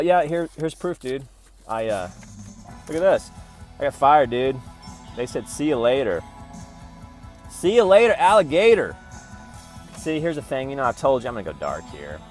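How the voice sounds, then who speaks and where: A man's voice: mid-range voice, big pitch swings, a little fast, soft background music. Rambling, profane man vlogging to his phone. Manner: rambling, profane, talks to camera in bursts. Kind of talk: rambling casual vlog. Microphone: phone camera.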